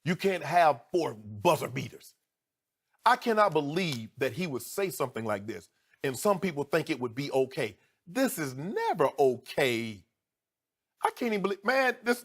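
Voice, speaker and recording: Middle-aged man, sports TV commentator, indignant, emphatic, rhetorical questions, fairly high voice. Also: very animated. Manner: swings from low measured talk to loud raised pitch. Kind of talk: heated studio debate commentary.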